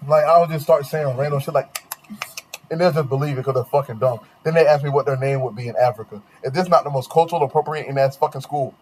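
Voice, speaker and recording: A man's voice: medium pitch, quick pace, a little mellow, slight background noise, rough recording. A young man hosting a podcast, telling loose, profane stories in casual chat. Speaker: podcast host.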